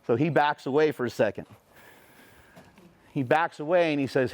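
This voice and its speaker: A middle-aged man giving a motivational speech, telling a personal story in a profane, animated way. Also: on the high side, normal speed, long pauses. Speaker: motivational speaker.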